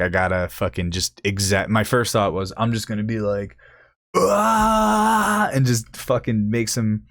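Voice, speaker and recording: A young man hosting a podcast, telling a crude, profane story in casual chat and jumping into high-pitched quoted voices. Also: no room sound, clean studio sound. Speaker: podcast host.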